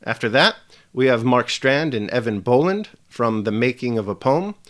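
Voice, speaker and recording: A man presenting a scripted video lesson with a measured, emphatic delivery. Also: mid-range voice, animated. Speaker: teacher.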